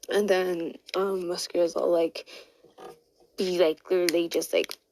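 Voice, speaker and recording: A woman's voice: on the low side, little pitch movement, a little slow, darkish tone, poor audio. A woman casually retelling a fan story, rambling with lots of fillers.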